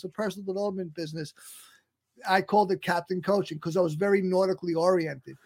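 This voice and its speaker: A man being interviewed on a radio show about his self-help venture, talking casually with frequent restarts and short laughs. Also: sits high. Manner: halting, many restarts, laughs often. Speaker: guest, self-help software founder.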